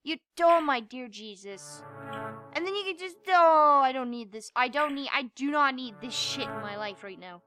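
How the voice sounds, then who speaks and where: A young woman playing a game and commenting, frustrated, swearing and yelling at it. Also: high voice, lively intonation, moderate pace, faint music behind. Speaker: gamer. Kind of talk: gameplay commentary.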